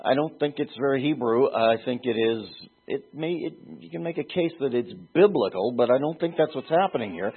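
A man's voice: medium pitch, expressive, a little fast, few pauses, husky. A man preaching a sermon, teaching through a Bible passage in a digressive way and rising to emphatic peaks when he quotes scripture. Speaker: pastor. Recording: tinny phone-like recording.

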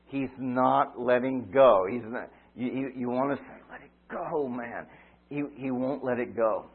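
A man preaching a sermon, retelling a story dramatically, swinging from loud cries to quiet asides. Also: mid-range voice, steady tone, unhurried, husky. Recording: tinny phone-like line.

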